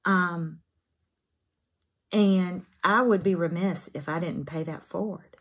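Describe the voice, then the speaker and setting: A woman's voice: on the low side, takes it slowly, breathy edge. A woman, chatting casually to camera as a craft vlogger in her home craft room, folksy and emotional.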